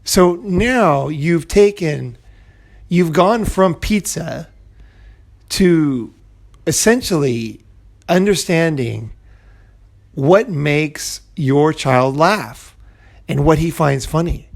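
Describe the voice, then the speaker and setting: A man's voice: a little high, expressive, extremely slow, creaky, pauses often. A man giving a casual advice monologue as a video host, rambling with many restarts and asides. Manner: rambling, full of restarts and "you know". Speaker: self-help video host.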